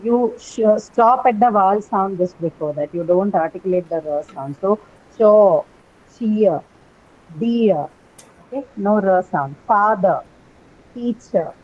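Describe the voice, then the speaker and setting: A woman's voice: mid-range voice, normal speed, few pauses, darkish tone. A woman teaching English pronunciation in a live class, patiently spelling words letter by letter and repeating them. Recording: slightly muffled recording.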